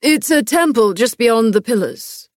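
A woman voicing a polite man who calmly explains a place. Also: fairly high pitch, measured pace, dry recording, clean studio sound. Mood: courteous.

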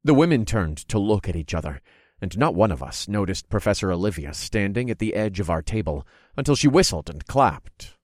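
A man narrating a fantasy audiobook in the first person, expressive and acting out his own reactions. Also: lowish voice, a little fast, no room sound, studio quality. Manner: expressive, groaning and cursing in character.

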